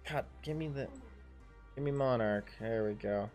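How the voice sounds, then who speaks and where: Thirties male dungeon master on a livestream, medium pitch, casual and thinking aloud, faint music bed. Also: normal speed, a little mellow. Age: 30s.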